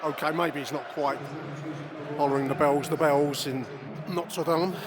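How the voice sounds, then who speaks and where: A middle-aged man with a slightly high, steady, unhurried voice hosts a podcast from the outdoor stands of a football stadium. He gives chatty, opinionated match commentary, swearing and speaking directly to his listeners. The recording is full of crowd noise.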